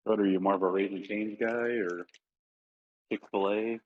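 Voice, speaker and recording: Husky low-voiced man on a dull mic. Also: fairly even intonation, normal speed. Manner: storytelling, acts out quotes. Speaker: co-host. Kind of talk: casual chat.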